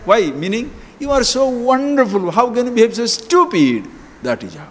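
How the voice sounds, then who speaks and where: A man giving a spiritual discourse, animated and full of rhetorical questions. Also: high-pitched, normal speed. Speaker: spiritual teacher. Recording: long hall reverb.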